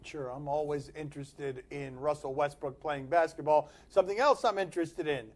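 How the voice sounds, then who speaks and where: A man hosting a sports talk show, bantering playfully with quick quips and laughs. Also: fairly high pitch. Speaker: host. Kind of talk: casual studio sports talk. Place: TV studio.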